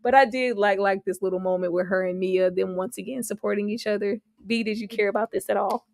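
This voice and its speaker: A woman's voice: mid-range voice, steady tone, fast, vocal fry, darkish tone, dry recording. A woman co-hosting a casual TV review chat, laughing often and reading viewer comments aloud. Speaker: co-host reviewing a TV episode.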